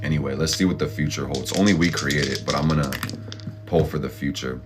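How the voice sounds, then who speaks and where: Very deep-voiced blunt tarot host. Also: male voice, fairly even intonation, brisk, over music. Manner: blunt, profane, pep-talk style with slang asides. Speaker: astrology and tarot channel host. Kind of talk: casual motivational tarot reading.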